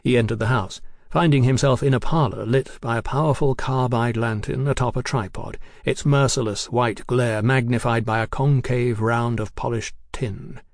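A man reading a novel aloud as an audiobook narrator, in a measured, descriptive way. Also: mid-range voice, fairly even intonation, no echo, studio quality.

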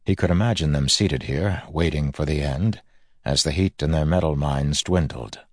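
A man narrating a fantasy audiobook in a measured, grave manner. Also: rumbling low, dry recording, studio quality.

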